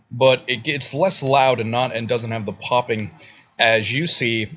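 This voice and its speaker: A man's voice: mid-range voice, steady tone, measured pace, fairly bright tone. A man in the middle of his range, narrating a tabletop game as game master. His speech is loose and rambling, full of likes and ums.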